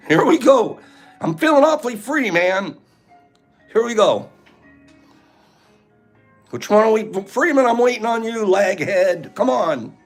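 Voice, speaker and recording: Animated man hosting a live-stream giveaway. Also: high-pitched. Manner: animated, singsong, calls out names loudly. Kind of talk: playful live-stream chat.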